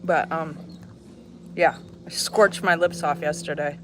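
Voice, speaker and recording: A woman's voice: low voice, fairly even intonation, unhurried, pauses often, noisy background. A woman chatting casually to her viewers in a vlog, breaking off to talk to a dog playing fetch outdoors. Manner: chatty, talks to a dog between asides. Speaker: vlogger.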